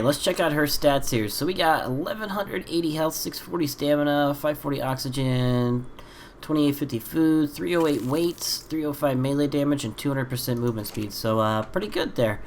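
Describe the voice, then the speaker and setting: A man's voice: medium pitch, slight background noise. A man with a congested, stuffy voice from a cold, hosting a casual gameplay video and rambling with frequent ums and uhs. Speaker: gaming channel host.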